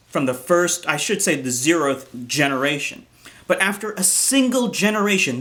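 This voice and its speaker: A man's voice: fairly high pitch, sharp tone. A man delivering a ranting commentary vlog in an indignant, profane tone, often restarting his sentences. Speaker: commentary vlogger.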